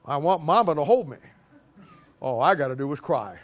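A man voicing a scheming baby who cries on purpose to get picked up, in a low, quiet, smug tone. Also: lively intonation, normal speed.

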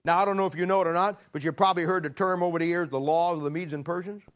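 A middle-aged man preaching a sermon, acting out a story with lively storytelling. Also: sits high, racing. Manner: animated storytelling, acting out scenes.

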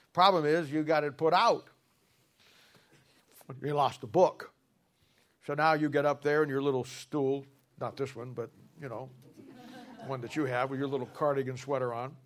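A man's voice: medium pitch, fairly bright tone. A man preaching a sermon in a folksy, colloquial storytelling way, with emphatic points. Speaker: pastor.

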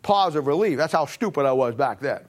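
A middle-aged man preaching a sermon, telling a personal story and swinging from emphatic peaks to low, quiet stretches. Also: expressive, a little fast. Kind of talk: sermon testimony.

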